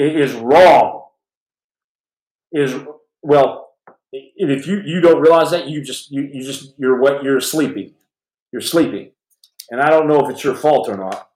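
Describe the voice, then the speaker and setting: Middle-aged guy hosting a live podcast, fired up and rambly, kinda highish mellow voice, roomy echo. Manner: fervent, rambling, restarts often. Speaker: podcast host. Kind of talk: live-stream podcast talk to viewers.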